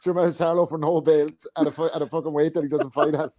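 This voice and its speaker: A man's voice: fairly even intonation, fast talker, dark tone, slight background noise. Sweary man telling boxing stories. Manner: sweary storytelling, mimics fighters in higher voices. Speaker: podcast co-host. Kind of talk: casual boxing chat.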